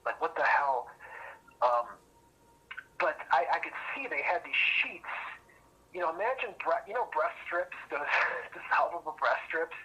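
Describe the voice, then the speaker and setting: A man speaks in a bright, forceful voice as an interview guest. He tells his account in a rambling, detailed way, often restarting and circling back. A faint hiss sits under the voice. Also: fairly high pitch, animated, normal speed, poor audio. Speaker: interview guest, former police officer. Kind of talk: casual storytelling over a call.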